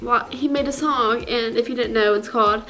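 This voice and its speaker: A young woman acting out a clueless teenage fangirl who rambles breathlessly about her crushes, gasping and gushing at every turn. Her voice sits a little high, and faint music plays underneath. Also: steady tone, normal speed, sharp tone, low-quality recording. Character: gushing, clueless teenage girl fake fan. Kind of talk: comedy sketch character.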